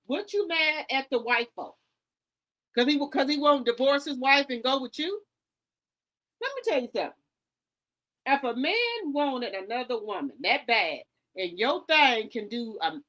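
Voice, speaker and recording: A woman's voice: sits high, sing-song, measured pace, fairly bright tone. A woman in her fifties ranting to camera, rambling and hollering, tagging on "okay?" and "baby". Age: 50s.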